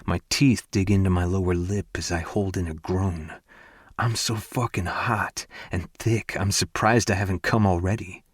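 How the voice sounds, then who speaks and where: A man narrating a first-person romance audiobook in an intimate, hushed and breathy way. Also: sits low, steady tone, normal speed, dry recording, clean studio sound.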